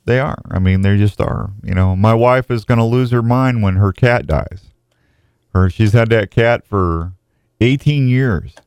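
A man's voice: lowish voice, measured pace, darkish tone, clean tone, no room sound. Man, middle-aged radio host, folksy rambling chat, dry close sound. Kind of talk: casual radio talk.

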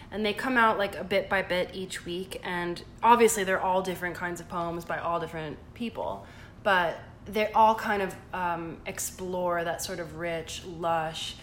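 A woman's voice: lowish voice, a bit bright, a little hiss or hum. A woman co-hosting a podcast in casual chat, a little drunk, gushing and rambling. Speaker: podcast co-host, magazine editor.

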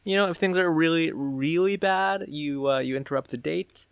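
A man's voice: a little high, moderate pace, vocal fry, clean tone, dry recording. Dry-voiced man with wry asides. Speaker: podcast co-host. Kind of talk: casual episode recap chat.

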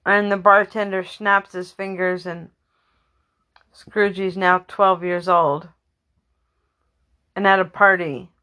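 A woman's voice: on the low side, level tone, slow, pauses often, sharp tone. A woman improvising a comic story loosely, correcting herself as she goes. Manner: loose, with restarts and self-corrections.

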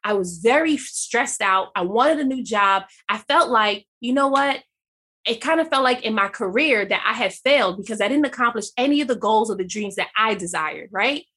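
A woman tells her faith testimony as a guest, voice a little high and breathy. She acts out her own dialogue with lively, animated delivery. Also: moderate pace. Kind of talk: personal faith testimony in conversation.

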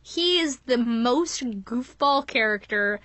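A woman's voice: high-pitched, expressive, slow pace, fairly bright tone, dry recording. A woman in casual podcast chat, enthusiastic and laughing often as she retells scenes. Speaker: podcast co-host.

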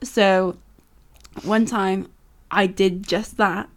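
A woman with a mid-range voice co-hosting a faith podcast. She tells a story in a relaxed, chatty way, leaning on "like" and "kind of" as she goes. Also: mid-range voice, drawn-out words. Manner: casual storytelling, lots of "like" and "kind of". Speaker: podcast co-host.

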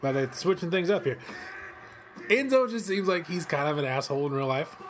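Man, fairly high voice, rambling casual commentary, swears a lot, excitable outbursts, home office. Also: brisk. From western Kentucky, USA. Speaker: host. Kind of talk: casual watch-along commentary. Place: cold home office studio.

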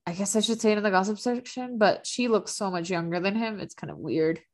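A woman's voice: mid-range voice, fairly quick, darkish tone. A woman in casual chat, recapping a TV drama as a podcast co-host, talking loosely with lots of fillers and frequent laughs. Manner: chatty, filler-heavy, laughs often.

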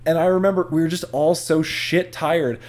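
A young man with a slightly raised voice, talking loosely and jokingly on a podcast. He rambles through bits and swears freely in a relaxed, casual chat. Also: a little high, moderate pace. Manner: swears often, rambling and jokey. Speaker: podcast co-host.

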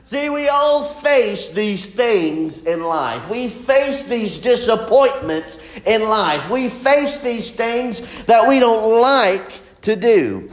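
A man preaching a sermon, lively and full of laughter, with sudden exclamations. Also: sits high, slow pace, hardly any pauses, roomy sound. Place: church.

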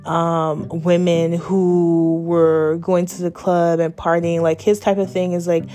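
A woman's voice: fairly low pitch, little pitch movement, takes it slowly, mellow, soft background music. A woman in her twenties telling a personal story in a candid, chatty way, full of "like" and the odd swear word. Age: 20s. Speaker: vlogger. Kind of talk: casual storytime.

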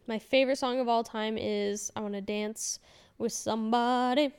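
A woman's voice: a little high, steady tone, normal speed, clear, resonant tone. A woman in her thirties hosting a casual solo podcast, rambling candidly with fillers and self-corrections. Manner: chatty and candid. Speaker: podcast host.

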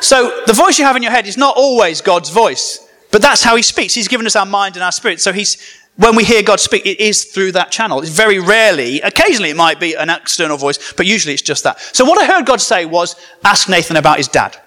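Fast and animated, a man from the north of England delivers a jokey, conversational sermon packed with comic storytelling and asides to the congregation. His voice sits high and sounds pushed and bright.

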